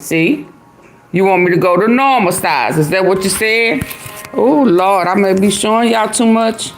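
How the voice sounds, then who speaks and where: Slow-talking chatty woman on a livestream. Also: medium pitch, a bit bright. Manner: chatty, answers chat comments aloud, laughs often. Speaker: livestream host. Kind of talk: casual live-stream commentary.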